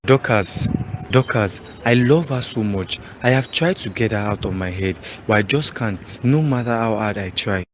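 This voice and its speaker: A lovesick young suitor begs and pleads in a fairly low voice with a Nigerian accent, as a man voices him for a cartoon. He sounds lovelorn and earnest, with a faint hiss of noise behind him. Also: animated, normal speed, close to an everyday voice. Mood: pleading. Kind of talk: cartoon voice acting.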